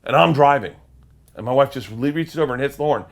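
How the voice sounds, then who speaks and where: Homem contando histórias, animado e palavrão. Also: male voice, on the high side, expressive, fast talker. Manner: loud, swearing, acts out voices and shouts in stories. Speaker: comedian guest. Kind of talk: animated storytelling.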